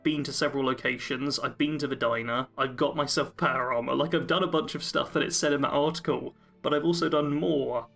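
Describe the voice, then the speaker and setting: A man's voice: medium pitch, sharp tone. Chatty upbeat male podcast co-host. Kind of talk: casual podcast chat.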